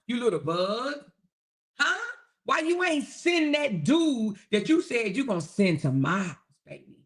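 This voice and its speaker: High-voiced woman ranting with taunts. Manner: loud, taunting, heavy cursing. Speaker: talk show host. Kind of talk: profane livestream rant.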